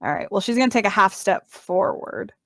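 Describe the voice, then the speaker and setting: A woman's voice: medium pitch, expressive, fairly quick, a bit bright, no room sound. A woman playing a tabletop game, talking bluntly and casually, swearing offhand and laughing. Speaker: player.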